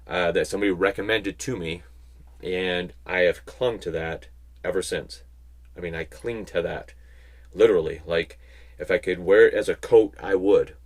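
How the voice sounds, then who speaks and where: A man giving a casual Bible teaching, chatting with rambling asides and slowing down to stress key points. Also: sits low. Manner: conversational, rambling asides, slow emphatic stresses. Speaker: Christian speaker.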